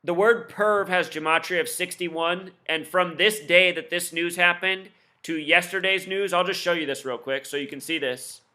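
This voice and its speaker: A man explaining his theories in a solo video, rattling off numbers quickly and insistently, with scornful asides. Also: high-pitched, steady tone, sharp tone. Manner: rapid-fire, insistent, admits talking too fast; lists numbers and codes in rapid bursts. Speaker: video commentator.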